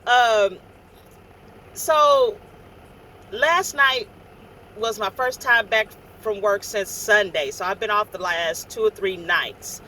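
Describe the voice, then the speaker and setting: Middle-aged woman, truck driver, casual storyteller with a bright, tense voice. Faint outdoor noise behind. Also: mid-range voice. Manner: chatty, animated, acts out quoted dialogue.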